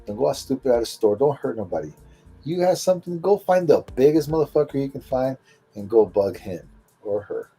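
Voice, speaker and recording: A man's voice: mid-range voice, very animated, brisk, dark tone, husky, faint music behind. A man in a casual chat, blunt and profane, reacting in short bursts.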